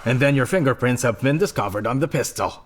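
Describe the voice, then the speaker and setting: An actor dubbing a smug police investigator who questions a suspect with condescending sarcasm. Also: male voice, mid-range voice, animated, quick pace, close to an everyday voice. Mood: mocking.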